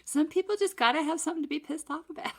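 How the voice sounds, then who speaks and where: A woman's voice: high voice, creaky. A woman co-hosting a podcast in casual chat, laughing often and chiming in with short replies. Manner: laughs often, quick supportive interjections. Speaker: podcast co-host.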